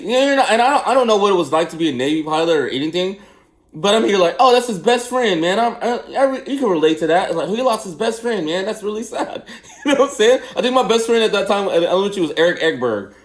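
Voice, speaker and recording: A man chatting casually and telling rambling personal stories, often laughing and saying man and bro. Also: fairly high pitch. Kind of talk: casual storytelling chat.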